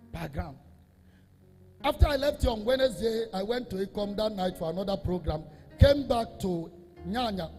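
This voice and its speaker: A man, a Catholic priest, preaching an emphatic sermon that repeats phrases and swells into half-sung, shouted lines. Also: high-pitched, in a large hall.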